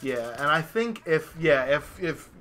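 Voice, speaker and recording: A young man, a podcast host, telling a story in casual chat, animated and profane, acting out his own reactions. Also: fairly high pitch, measured pace, slight background noise.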